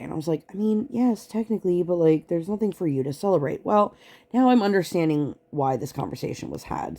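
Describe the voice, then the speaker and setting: Low-voiced chatty exasperated woman. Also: a little mellow. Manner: chatty and exasperated, full of "like" fillers. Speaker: vlogger and parent. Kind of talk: casual chat while crafting.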